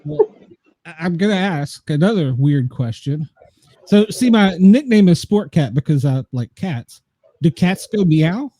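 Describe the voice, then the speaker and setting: Podcast host guy, really dark mellow voice, asks curious questions, kinda halting. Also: fairly high pitch, sing-song. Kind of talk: casual interview questions.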